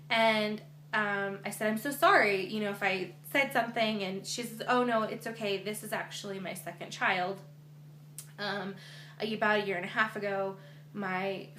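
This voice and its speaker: A woman's voice: medium pitch, fairly bright tone. A young woman vlogger chatting earnestly to her camera, with lots of fillers. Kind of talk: casual chat to camera. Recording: echoey room with faint hum.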